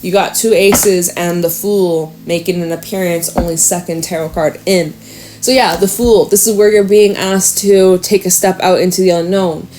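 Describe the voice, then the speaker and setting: A woman giving a casual tarot reading, chatty and excitable, swearing and laughing now and then. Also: lowish voice, normal speed, faint music behind. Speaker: tarot reader.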